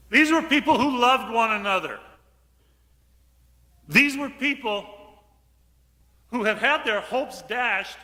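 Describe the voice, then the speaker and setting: A man preaching a lively homily as a priest, switching to hushed voices for quotes and sometimes calling out loud. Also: high voice, long reverb tail. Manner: animated, acts out quotes in hushed voices, sudden shout. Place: large church.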